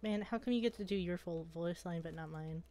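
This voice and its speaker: A woman's voice: on the low side, brisk, dark tone. A woman playing a video game on a friend's stream, chatting casually in a playful, jokey way. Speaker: guest co-player on a game stream. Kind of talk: casual gaming chat.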